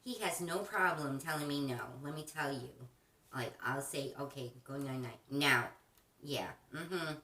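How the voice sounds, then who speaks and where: Low-voiced woman chatting in a roomy space. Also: measured pace, pushed and bright. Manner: chatty and rambling, with frequent restarts. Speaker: craft channel host. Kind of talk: casual chat while crafting. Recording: roomy, distant mic with faint noise.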